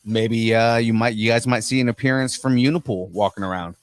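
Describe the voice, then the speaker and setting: A man co-hosting a casual pop-culture podcast, excitedly talking through a movie trailer with his co-host. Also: medium pitch, fairly quick, no echo. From grew up Latino in the US. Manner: excited, hypes reactions.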